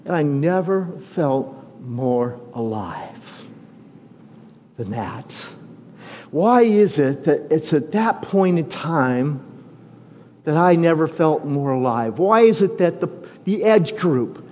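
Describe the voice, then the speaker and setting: A higher-voiced man preaches from the pulpit, driving home his points through repetition. He speaks slowly and deliberately. The sound is dull and lo-fi, with a long reverb tail from a big church hall. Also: sing-song, a little mellow, slight background noise. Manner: emphatic, repeats key phrases for weight. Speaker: pastor. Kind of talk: sermon.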